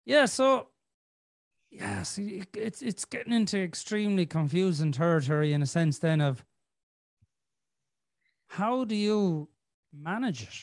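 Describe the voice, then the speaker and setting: Middle-aged guy, high voice, swears a lot, tells long stories, dry close sound. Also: lively intonation, measured pace, pauses often, dry recording. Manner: swears freely, rambling storyteller. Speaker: podcast host. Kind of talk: casual chat.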